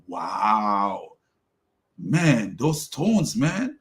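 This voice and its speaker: A man giving mocking commentary, sarcastic and quick to laugh, with loud exclamations. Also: high-pitched, expressive.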